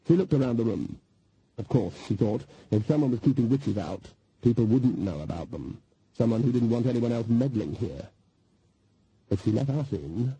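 A man reading an audiobook in scripted narration, with a wry, measured storytelling manner. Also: mid-range voice, lively intonation, dark tone, breathy edge, no room sound, muffled recording.

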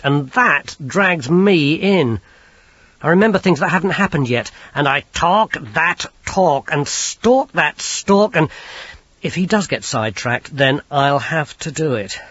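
A stern young woman, voiced by a male narrator, speaks in a clipped, weary, wry way. Her voice is pitched a little higher than his own and sounds husky. The recording is dull. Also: animated, a little slow, a bit bright, no echo. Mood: uneasy. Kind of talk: audiobook character voice.

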